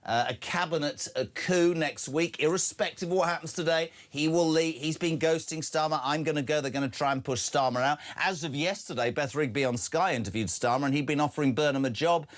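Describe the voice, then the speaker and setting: A man's voice: a little high, fairly quick, few pauses. A man hosting a breakfast radio show, emphatic and jokey, reading out listener texts and phone numbers. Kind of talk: lively talk radio presenting.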